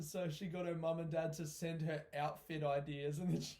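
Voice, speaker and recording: Sweary animated man. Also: a little high, a little slow. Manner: animated, heavy swearing, frequent laughter. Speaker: stand-up comedian hosting his own podcast. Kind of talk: casual solo podcast monologue.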